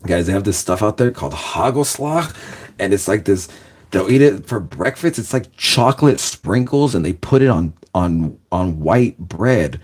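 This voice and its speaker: A man's voice: fairly low pitch, darkish tone, breathy edge. Rambling young man telling a story. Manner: loose and laughing, full of "like" and "guys".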